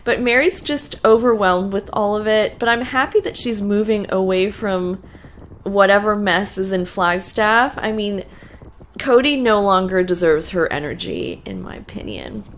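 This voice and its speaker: A woman in the host seat of a casual TV recap, chatting through the episode in her ordinary middle-pitched voice. She is opinionated and loose, with fillers and quick asides sprinkled throughout. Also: slight background noise.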